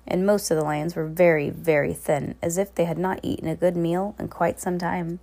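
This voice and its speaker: A woman's voice: lowish voice, fairly even intonation, normal speed, vocal fry, warm tone. A woman casually reading a novel aloud, unpolished, correcting herself and adding little asides. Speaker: reader.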